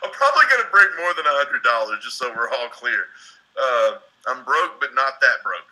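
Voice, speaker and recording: A man in his thirties from Tennessee, a comic who rambles and swears his way through a live-stream chat. His voice is strikingly bright and sharp, sitting at an ordinary pitch. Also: sing-song, moderate pace, rough recording. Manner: profane, rambling, laughs often. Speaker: stand-up comedian and streamer.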